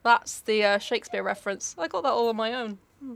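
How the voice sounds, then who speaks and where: Young woman, host, giggly and sweary; dry close sound, bright voice. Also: a little high, a little fast, creaky, dry recording. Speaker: podcast host. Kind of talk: casual chat, reading a poem aloud with jokey commentary.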